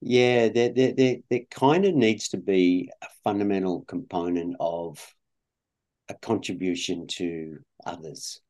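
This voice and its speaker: A man's voice: sits low, a little slow, a little mellow. An Australian man, a guest in an interview, talking in a rambling way with many fillers and restarts. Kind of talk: conversational interview.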